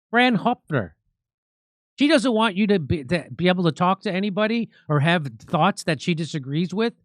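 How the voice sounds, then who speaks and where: A man hosts a political commentary show, mocking an article with heavy sarcasm. His voice sits high and swings widely in pitch. It is recorded on a close, dry mic. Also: no room sound. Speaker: show host.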